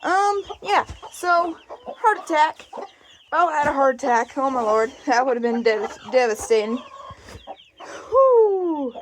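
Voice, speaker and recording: A woman's voice: high voice, very animated, slow. A woman narrating her farm chores casually, coaxing and exclaiming at her chickens. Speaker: farm vlogger. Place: outdoor chicken coop. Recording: loud farmyard background noise. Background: clucking hens and chirping chicks.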